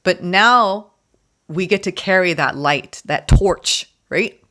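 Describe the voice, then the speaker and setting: A woman giving a spoken tarot reading, gushing and emphatic, often repeating words and filling pauses. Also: on the low side, bright, forceful tone. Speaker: tarot reader.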